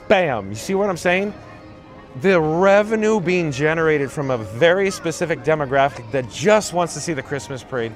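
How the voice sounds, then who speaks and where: Holding his phone along a theme park parade route, a man with a higher voice live-streams at a fairly quick pace while faint music plays behind him. As the channel's host and vlogger, he rambles from tangent to tangent and reads out viewer comments.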